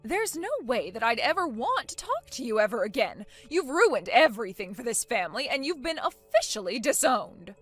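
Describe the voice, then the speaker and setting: A woman voicing a bossy, angry middle-aged mother-in-law who talks loudly and indignantly in an animated story. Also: on the high side, moderate pace, hardly any pauses. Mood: outraged. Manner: loud, indignant, demanding. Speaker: voice actor. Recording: faint music underneath.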